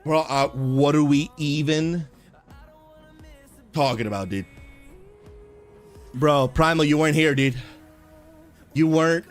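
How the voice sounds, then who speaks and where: A bright, high-pitched man streaming a game from home, his voice leaping up and down as he shouts and laughs in bursts. He talks in an unhurried way between outbursts, with faint game music behind him. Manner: excitable, shouts and laughs in bursts, calls people bro. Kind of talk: live gaming stream chat.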